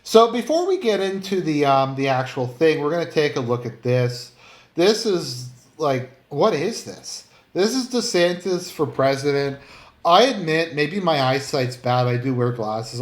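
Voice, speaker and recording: A man rambles through casual online commentary, blunt and full of fillers, with the odd swear word. His voice sits at a middle pitch. The recording has a noticeable room echo. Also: a little slow. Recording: roomy, echoey room.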